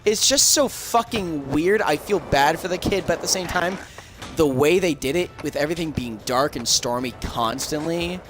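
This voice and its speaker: Music plays in the background while a man with a slightly high voice speaks at a moderate pace, retelling a movie plot on a game stream. He rambles, swears, and uses lots of fillers, over crackly audio with background noise.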